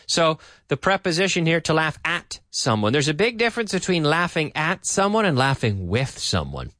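A man teaching an English lesson, repeating phrases slowly and then explaining them. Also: a little high, very animated, sharp tone, no echo, studio quality.

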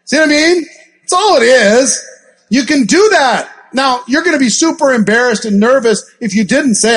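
Animated high-voiced male sales trainer. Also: a little fast. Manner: animated, acts out scripts and gasps for effect. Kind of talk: live training talk with role-play examples.

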